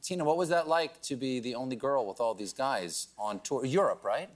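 A man's voice: mid-range voice, animated, moderate pace. A man hosting a late-night talk show, asking questions in a joking way.

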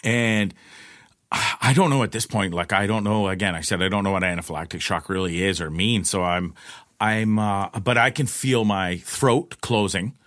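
A man telling a personal story in casual, profane speech, with lots of restarts and an animated delivery. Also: moderate pace, no room sound, studio quality. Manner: profane, rambling, restarts often; animated retelling, pitch jumps in quoted lines.

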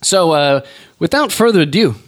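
A man's voice: fairly high pitch, animated, moderate pace, slight background noise. Rambling, jokey male podcast host. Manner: rambling, jokey, lots of fillers. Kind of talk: casual chat.

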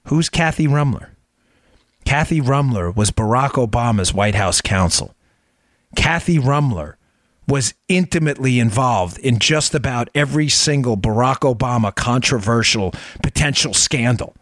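In a mid-range, slightly bright voice, a middle-aged man hosts a political commentary podcast. The recording is dry and studio-clean. He speaks emphatically and with disbelief, repeating points for effect.

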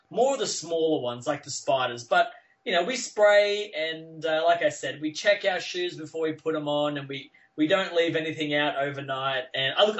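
A man's voice: fairly high pitch, a bit bright, far from the mic, dull audio. An Australian man in his thirties, chatting easily as a guest, laughing often. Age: 30s. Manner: easygoing, reassuring, laughs often. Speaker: guest, professional bowler. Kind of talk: casual interview chat.

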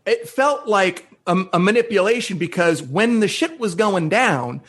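A man's voice: high voice, animated, a little slow, a bit bright. A man guesting on a podcast in casual chat, emphatic and quoting people. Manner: emphatic, quotes people in voices.

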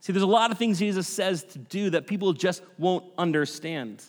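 A male pastor delivers a sermon in an easy, conversational storytelling manner. His voice sits fairly high for a man. Long hall reverb hangs on every line. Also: moderate pace.

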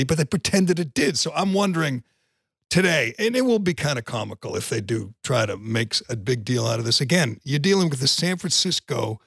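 A gravelly man holds forth on a podcast in an emphatic, indignant tone. His voice sits at an ordinary pitch, and the recording is close and dry. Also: a bit bright, no echo. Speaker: podcast co-host. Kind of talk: opinionated casual chat.

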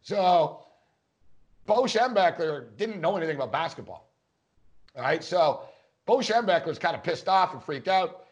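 A man's voice: on the high side, expressive, moderate pace, pauses often, dull audio. Rambling man telling a sports story. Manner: rambling storyteller, acts out quotes. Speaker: podcast co-host. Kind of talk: casual sports chat.

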